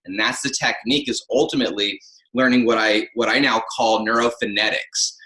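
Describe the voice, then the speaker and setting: Bright-voiced man with echoey sound. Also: fairly low pitch, steady tone, a little fast. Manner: explains with acted-out example phrasings. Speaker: audiobook narrator and coach. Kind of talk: podcast interview.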